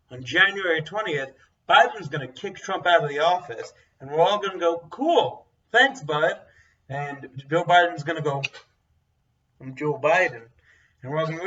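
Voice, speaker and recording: A young man rambles bluntly in casual chat, with lots of fillers and restarts. His voice is somewhat high and bright. The recording sounds dull and a little far from the mic. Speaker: co-host.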